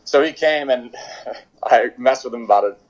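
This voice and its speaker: Speaking from home in quarantine, the young goalkeeper guest uses a mid-range voice at a moderate pace, though the recording is rough. His casual interview storytelling rambles, with lots of fillers and restarts.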